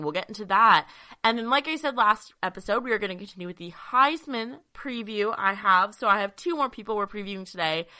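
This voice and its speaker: A young woman hosting a sports podcast from her childhood bedroom, chatty and excitable with lots of fillers, a little out of breath. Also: medium pitch. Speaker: podcast host. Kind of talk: casual sports podcast monologue.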